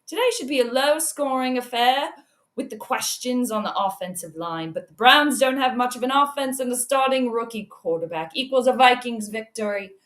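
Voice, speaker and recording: A woman's voice: on the high side, expressive, normal speed, a bit bright. A woman hosting a casual livestream, chatting and greeting viewers by name with frequent laughs. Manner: laughs often between remarks. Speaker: livestream host. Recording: roomy echo.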